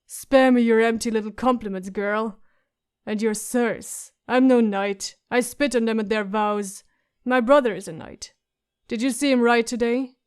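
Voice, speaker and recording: A woman reading the part of a scarred, surly, drunk male warrior who rasps and mocks in an audiobook. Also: on the high side, fairly even intonation, measured pace, natural voice. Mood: mocking. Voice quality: rasping, mocking.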